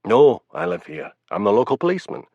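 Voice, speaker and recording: A man voicing a wry Highland village policeman with a Highland Scottish accent, in a dull, dry recording. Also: sing-song, fairly quick, a little mellow, no echo.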